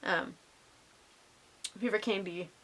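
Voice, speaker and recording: A woman's voice: medium pitch, steady tone, takes it slowly, fairly bright tone. A young woman casually answering viewer questions in a vlog, bubbly and gushing with lots of ums.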